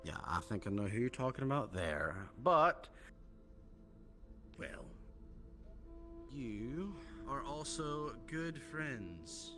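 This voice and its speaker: A man roleplaying a gang leader on a live stream, questioning calmly and often murmuring agreement. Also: medium pitch. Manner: calm, probing, drawn-out murmured agreement. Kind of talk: in-character roleplay dialogue. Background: background music.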